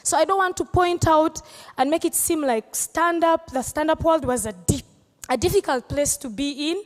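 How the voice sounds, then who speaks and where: A woman's voice: high voice, normal speed, in a large hall. A Ugandan woman comedian answering audience questions on stage, playful and teasing, laughing often. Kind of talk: live Q&A on stage.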